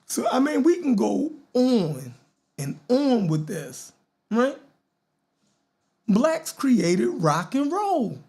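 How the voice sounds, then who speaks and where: Baltimore guy doing podcast commentary, slow and drawling, pitch jumps all over. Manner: animated, keeps asking "right?". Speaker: podcast host.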